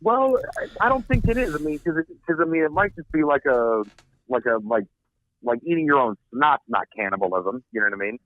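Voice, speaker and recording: A man's voice: on the high side, lively intonation, fairly quick, a bit bright, lo-fi sound. A man co-hosting a podcast, chatting hesitantly with repeated words. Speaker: podcast co-host. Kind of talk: casual banter.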